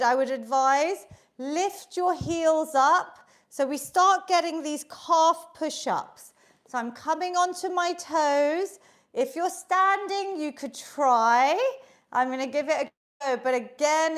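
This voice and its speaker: Pitched high and paced slowly, a woman coaches an online exercise session, cheerfully counting down reps. Moving along with the class leaves this fitness instructor a little short of breath, and she's heard through a video call microphone.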